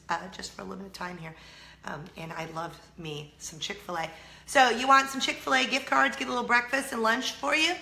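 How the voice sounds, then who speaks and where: Bright-voiced hoarse woman with a Southern drawl. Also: mid-range voice, reverberant. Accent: slight Southern US drawl. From California. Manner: chatty and self-mocking, with frequent laughs. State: hoarse from a cold. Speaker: vlog host. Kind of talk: casual chat to camera.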